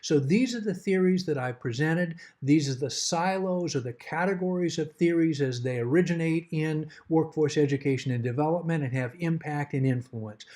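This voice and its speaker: Measured man with a mellow voice. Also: a little high. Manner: measured, emphatic, repeats key words. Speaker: course instructor. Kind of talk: recorded course assignment overview.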